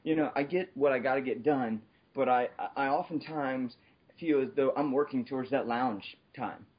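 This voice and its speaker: A man's voice: mid-range voice, normal speed, slightly rough. A man chatting casually in a group podcast while working out on an elliptical, laughing often and restarting his sentences. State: exercising on an elliptical. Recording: dull lo-fi online call audio.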